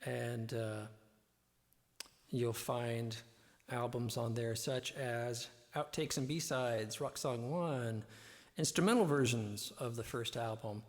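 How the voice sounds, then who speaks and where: A man hosts a live-stream show and rambles along, his talk full of fillers. His voice has a gravelly, creaky edge. His audio is drenched in long reverb, as if he were speaking from down a hallway. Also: mid-range voice, slow pace. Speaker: host and musician. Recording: reverb-heavy echoey audio.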